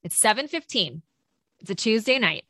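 A woman co-hosting a teaching podcast, talking in a lively, chatty way and laughing easily. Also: mid-range voice, moderate pace, no room sound. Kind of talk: casual podcast chat.

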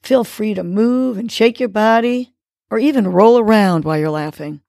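A woman hosting a podcast, leading a guided breathing exercise and giving a gentle, encouraging pep talk. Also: mid-range voice, moderate pace, vocal fry, no echo, clean studio sound. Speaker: podcast host.

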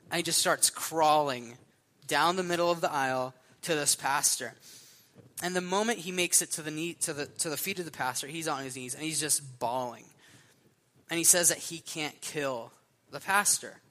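A young man preaching a sermon, telling stories in a casual, animated way with lots of fillers. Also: a little high. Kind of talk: sermon storytelling.

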